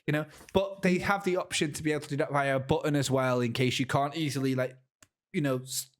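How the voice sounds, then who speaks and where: A man co-hosting a podcast, talking in an excitable, stammering casual way. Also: fairly high pitch, fast talker. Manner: animated, excitable storytelling with stammers. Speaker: podcast co-host. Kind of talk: casual chat.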